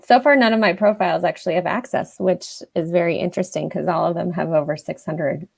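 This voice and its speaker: Female guest, low voice with gravel, relaxed conversational delivery. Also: brisk. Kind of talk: casual chat.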